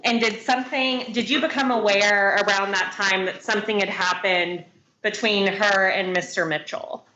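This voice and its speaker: A woman prosecutor questioning a witness in a brisk, formal way. Her voice sits at a middle pitch. The courtroom stream sounds roomy and muffled, with faint hiss. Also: steady tone, bright, forceful tone.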